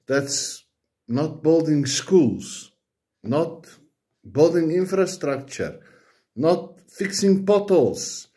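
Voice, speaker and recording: A man with an Afrikaans South African accent, ranting bluntly to camera and firing off repeated, profane rhetorical questions. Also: high-pitched. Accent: South African, Afrikaans-speaking. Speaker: political commentator. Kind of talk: angry political rant to camera.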